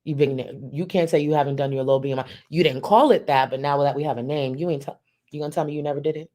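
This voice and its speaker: A commentator giving loose, joking live commentary in a casual chat style, often saying "you know". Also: male voice, on the high side, steady tone, fast talker, dark tone.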